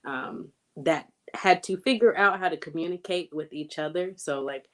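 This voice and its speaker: Low-voiced American woman explaining. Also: moderate pace, fairly bright tone. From United States. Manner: thoughtful, with "like" and "um" fillers. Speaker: native-speaker guest. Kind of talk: casual explanation.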